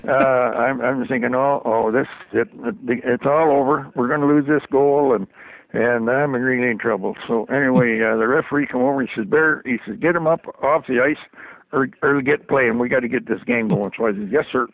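Older man, gravelly voice, chuckling storyteller, tinny dry phone line. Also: medium pitch, normal speed, dry recording. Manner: chuckles often while telling stories. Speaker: guest, former hockey trainer. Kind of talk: anecdotal storytelling.

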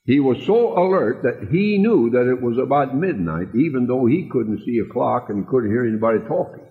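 A man preaching, telling a tender story slowly and dropping soft and low when he quotes people. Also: expressive. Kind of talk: sermon storytelling. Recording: tinny lo-fi recording in a long-echo hall.

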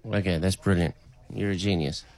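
A man's voice: deep voice, steady tone, moderate pace, darkish tone. A man calling an AI agent, asking playful, teasing questions in a casual chat. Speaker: caller testing an AI agent.

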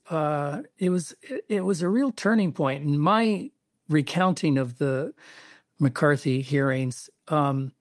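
A male author being interviewed on the radio, explaining events in a measured, storytelling way. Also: on the high side, dry recording, studio quality. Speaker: author guest.

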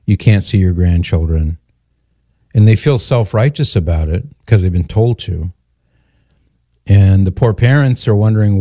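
A man's voice: low-pitched, moderate pace, long pauses, dark tone, dry recording, studio quality. An older man, a grandfather, hosting a call-in radio talk show and lecturing emphatically on the issue. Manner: emphatic, lecturing, quotes others in mock voices.

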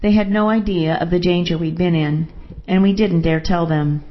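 A woman narrating a first-person story in a calm, measured way. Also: fairly low pitch, dull audio.

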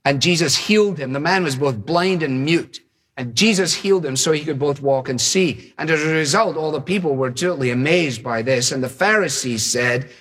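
A man's voice: on the high side, lively intonation, normal speed, fairly bright tone, breathy edge, big-room sound. A man preaching a sermon, driving his points home with emphatic, repeated phrases. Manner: emphatic, repetitive, building phrases.

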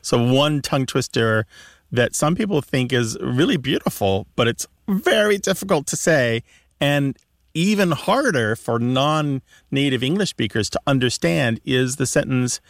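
A man co-hosts a radio call-in show, explaining things at length with restarts as he goes. His voice has a gravelly edge. It sounds close and dry. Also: medium pitch, lively intonation, normal speed, no room sound. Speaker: radio co-host, language expert.

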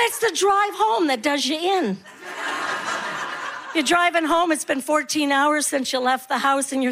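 High-voiced woman doing stand-up. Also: moderate pace, a bit bright. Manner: wry storytelling, acts out quoted voices. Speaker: stand-up comedian. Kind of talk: stand-up comedy set.

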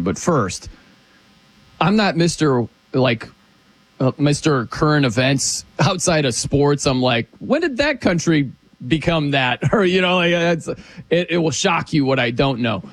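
A man hosting a casual sports talk show, animated and jokey, from the United States. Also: measured pace. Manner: animated, jokey, swoops his pitch around.

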